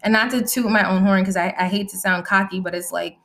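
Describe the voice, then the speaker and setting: A woman's voice: mid-range voice, fairly even intonation, fast, a bit bright. A young adult woman hosting a casual live-audio podcast, talking bluntly and candidly and reacting to comments from the chat. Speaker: podcast host and musician.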